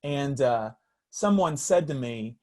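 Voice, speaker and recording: A man's voice: mid-range voice, animated, takes it slowly, darkish tone. Earnest man preaching over a video call. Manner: earnest, reflective, with many restarts. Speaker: pastor. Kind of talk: sermon-style storytelling.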